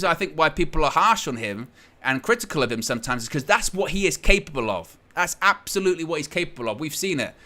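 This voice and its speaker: During a live football watchalong, a male host with a slightly high voice calls the play and reads viewers' chat aloud. He's excitable, surging loud whenever a goal goes in, then settling into calm analysis.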